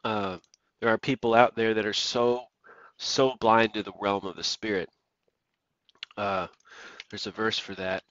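A man's voice: lowish voice, level tone, measured pace, long pauses, fairly bright tone, no echo, dull audio. A man preaching an emphatic sermon, repeating his points and reading scripture aloud.

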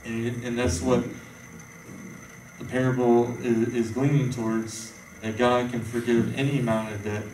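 A man's voice: medium pitch, flat delivery, unhurried, darkish tone, slight background noise. A man preaching an informal sermon, rambling and conversational with many fillers and restarts. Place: church hall. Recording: echoey room, voice from far off.

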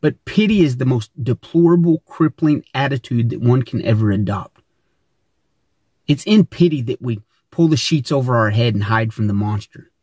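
Husky, earnest middle-aged man. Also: medium pitch, lively intonation, normal speed, darkish tone, no echo, studio quality. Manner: earnest and emphatic, with frequent word repeats. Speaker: host. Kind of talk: motivational monologue.

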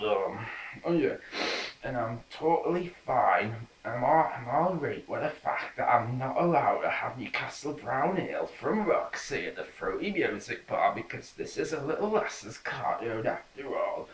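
A man's voice: medium pitch, fairly bright tone. A man putting on a broad Geordie accent in a comic impression monologue, playing a chatty, cheeky middle-aged caretaker who rambles in dialect. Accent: put-on Geordie. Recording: roomy echo, mic at a distance.

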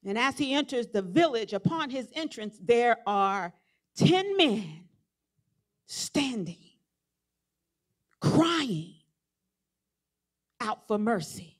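A middle-aged woman preacher delivering a church sermon, telling the story quietly and then building to shouted, repeated rhetorical questions. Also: fairly high pitch, big pitch swings, slow pace, pauses often.

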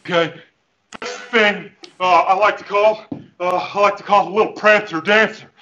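This fitness guest, speaking through headphones with a mic, uses a high, steady, pushed and bright voice at normal speed to play a hammy, preachy, overconfident coach in a comic video-call interview. The sound is lo-fi with a little background noise.

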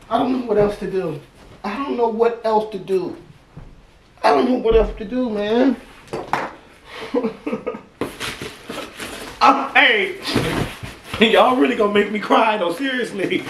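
Opening fan mail in a vlog, this Ohio-accented man gets emotional, exclaiming and saying things over again. His voice sits high and is a bit bright. It was recorded in an echoey room on a distant mic, with noise in the background.

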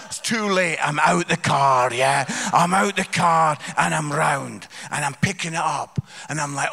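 A Scottish man, a comedian, telling stories to a church congregation with loud outbursts and low asides. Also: moderate pace, gravelly, hardly any pauses. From Scotland. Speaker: comedian guest speaker. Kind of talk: live comic storytelling to a church congregation. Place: church hall before a live audience.

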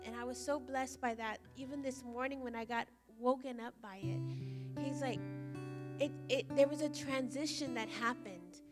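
A woman giving a casual, chatty sermon at a church service, telling stories and often saying "like.". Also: high voice. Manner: chatty storytelling, frequent "like". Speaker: church leader.

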